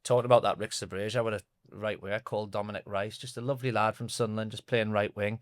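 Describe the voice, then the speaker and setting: A man's voice: on the low side, fairly even intonation, quick pace. A man, telling football anecdotes in a chatty, laughing podcast conversation. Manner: chatty, laughing storyteller who reads out stories sent in. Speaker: podcast co-host.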